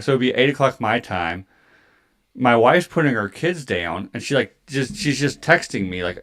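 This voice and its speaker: Rambling animated man telling a story. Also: mid-range voice. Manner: animated, heavy filler words and swearing. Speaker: podcast co-host. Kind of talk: casual storytelling.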